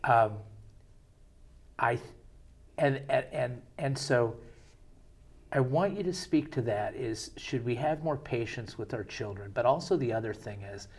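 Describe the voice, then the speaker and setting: Middle-aged male host, husky voice, chatty storyteller who sets up questions with anecdotes. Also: mid-range voice, lively intonation, measured pace, pauses often, darkish tone. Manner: conversational storyteller, chatty with fillers. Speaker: show host.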